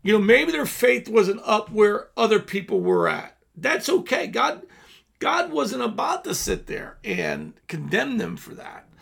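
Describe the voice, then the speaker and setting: A man's voice: sits high, wildly swooping pitch, unhurried, creaky, fairly bright tone, slightly rough. A man hosting a Bible teaching show, reading scripture aloud and explaining it in a loose, conversational way with frequent restarts.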